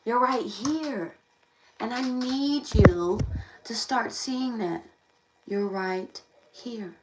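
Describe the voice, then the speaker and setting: Her fairly high voice moves very slowly as she hosts a tarot live stream, delivering a passionate, preachy monologue and hammering the same phrases repeatedly. The recording is echoey and faintly noisy, the mic placed at a distance.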